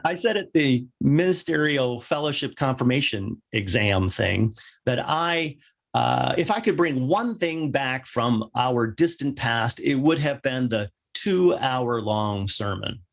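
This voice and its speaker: A male minister delivering a sermon, with wry joking asides and lively rising emphasis. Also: mid-range voice, measured pace, vocal fry.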